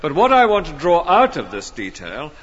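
A man's voice: on the high side, huge pitch swings, normal speed, in a large hall, muffled recording, a little hiss or hum. A man preaching an expository sermon in an earnest, emphatic way. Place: church.

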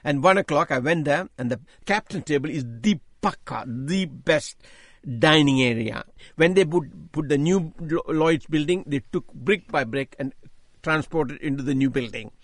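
An older man giving an emphatic sermon-style testimony, repeating key phrases, his voice rising as he gets excited. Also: on the high side, normal speed, no room sound, clean studio sound. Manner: voice rises when speaking with excitement. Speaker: Christian speaker giving testimony.

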